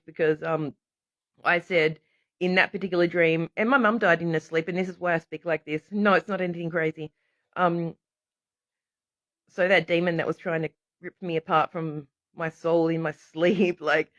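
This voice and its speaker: A woman, talking casually on a livestream in a rambling, animated way and laughing often. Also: fairly low pitch, normal speed. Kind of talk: casual live stream monologue. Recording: dull lo-fi audio.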